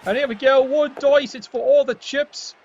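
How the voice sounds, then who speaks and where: A man's voice: extremely high pitch, steady tone, moderate pace, darkish tone, lo-fi sound, a little hiss or hum. A man giving casual, jokey play-by-play commentary on a video game match, swearing freely and keeping a wry tone.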